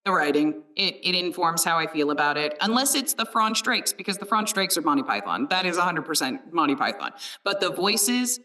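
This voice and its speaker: A woman's voice: lowish voice, sing-song, brisk, bright, forceful tone, distant mic. A woman who narrates audiobooks talking casually and enthusiastically, often laughing. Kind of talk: casual conversation.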